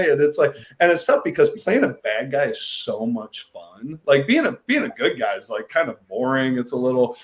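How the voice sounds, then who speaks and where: Man from Missouri, actor on a panel, halting, repeats himself, mid-pitched voice. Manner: halting, frequent restarts and fillers. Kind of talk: panel discussion.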